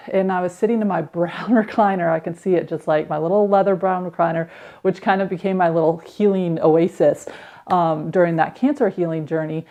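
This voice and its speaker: A woman's voice: fairly low pitch, dark tone. Woman host in her 30s, candid reflective storytelling, pretty open about her own life. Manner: candid, reflective, with quick acted quotes. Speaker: podcast host. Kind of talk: personal storytelling.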